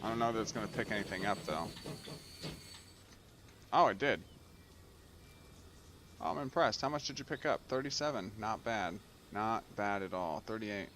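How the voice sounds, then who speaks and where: A man hosting a let's play video, giving excitable gameplay commentary, gushing and laughing often. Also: fairly low pitch, moderate pace, long pauses, a little hiss or hum.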